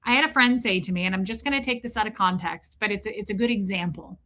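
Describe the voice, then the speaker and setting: A woman's voice: mid-range voice, quick pace, sharp tone. A woman talking candidly on her livestream, confessional and emotional, rambling with restarts. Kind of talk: candid personal monologue.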